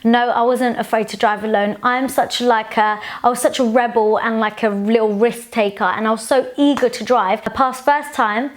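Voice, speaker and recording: A woman's voice: on the high side, fairly even intonation, normal speed, few pauses. A woman in her twenties answering viewer questions in a casual, frank, chatty vlog. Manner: chatty and frank, with sassy asides.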